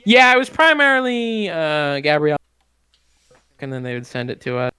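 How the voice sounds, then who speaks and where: A man's voice: on the high side, moderate pace, sharp tone, smooth, no echo. A young man co-hosting a casual chat with friends, telling rambling stories and swearing freely. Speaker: co-host.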